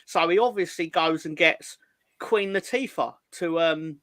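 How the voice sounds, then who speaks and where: A man co-hosts a casual podcast, rambling through crude jokes. His voice is bright and a little high. The sound is dry and close. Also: unhurried, no room sound. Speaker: podcast co-host. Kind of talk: casual chat.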